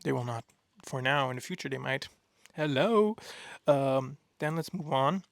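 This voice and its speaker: Gushing young man with a gravelly voice. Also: medium pitch, normal speed, no echo. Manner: excitable, gushing, rambling with many fillers. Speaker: art vlogger. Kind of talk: casual chat.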